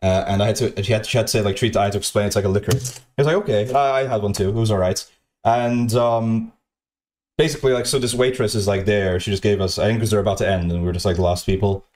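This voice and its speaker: A man's voice: lowish voice, fairly even intonation, quick pace, darkish tone. A man streaming to his chat, telling a story in a casual, profane, rambling way, stammering through restarts and swearing a lot.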